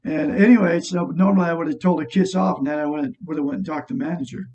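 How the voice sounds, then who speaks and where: A man's voice: a little high, very fast, darkish tone, recorded from a distance. A man reading aloud from a self-help book and rambling through a personal story in a casual, repetitive way, laughing as he talks. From Oregon, USA. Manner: rambling, repeats himself, laughs while telling stories. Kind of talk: casual reading and chat to camera. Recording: dull lo-fi sound from off the mic.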